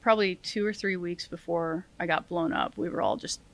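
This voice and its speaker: A middle-aged woman, a retired Army sergeant, telling stories as a podcast guest in a lively, self-deprecating way, laughing often and acting out what people said. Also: fairly low pitch, fairly quick. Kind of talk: casual interview storytelling.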